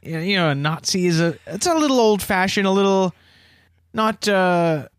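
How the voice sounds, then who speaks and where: A man's voice: high voice, lively intonation, moderate pace, dry recording. A man co-hosting a comedy podcast, dry and skeptical, hedging his criticism with lots of "you know". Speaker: podcast co-host. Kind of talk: comedic banter.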